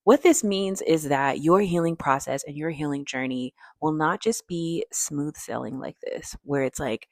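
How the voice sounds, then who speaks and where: A woman's voice: low voice, steady tone, a little slow, hardly any pauses, no room sound, clean studio sound. A woman therapist giving direct, emphatic advice to camera, often checking in with "okay?". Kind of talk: casual advice talk to camera.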